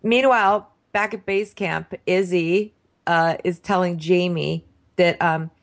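A woman's voice: on the low side, steady tone, slow. A woman co-hosting a casual recap chat, wry and blunt as she goes through her notes. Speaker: podcast co-host.

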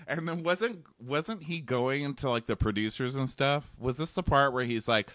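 A man casually recapping a reality show with a co-host, joking and doing quick silly voices of the cast. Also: medium pitch, no echo. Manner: animated, does jokey voices of reality-show people. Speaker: podcast co-host.

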